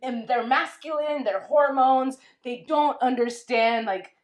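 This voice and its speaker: A woman co-hosts a casual podcast conversation, her voice sitting a little high. She reacts quickly and laughs easily. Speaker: podcast co-host. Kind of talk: casual chat.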